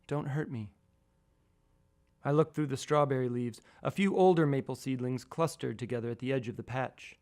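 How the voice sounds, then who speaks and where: Guy reading his own garden story out, calm and even, mid-pitched voice, dry humor. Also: a little fast, hardly any pauses. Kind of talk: first-person radio essay reading.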